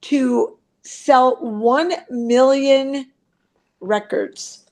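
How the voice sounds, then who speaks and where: A woman guest with a Chicago accent, talking unhurriedly and pausing to search for words. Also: high-pitched, darkish tone. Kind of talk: casual interview talk.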